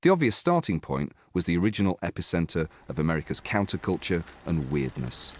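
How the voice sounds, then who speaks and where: A man's voice: sits low, big pitch swings, a little fast, a little hiss or hum. An English man narrating his own story in a dry, self-deprecating, scripted way. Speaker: host and narrator.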